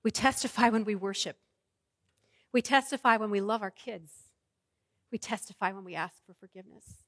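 A woman's voice: medium pitch, moderate pace, a bit bright, no room sound, studio quality, in a large hall. A woman pastor preaching a sermon in a rhythmic, repetitive cadence and leading her congregation in prayer.

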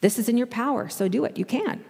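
A woman's voice: on the high side, quick pace, gravelly, darkish tone, husky, long reverb tail. A woman voicing a sly male devil who coaxes and tempts in a wheedling, persuasive way. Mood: coaxing.

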